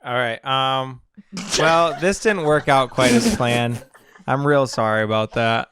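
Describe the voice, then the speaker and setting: A man's voice: mid-range voice, a little slow, fairly bright tone. A young man co-hosting a podcast in casual chat, dry and wry as he steers the talk. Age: young adult. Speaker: podcast co-host.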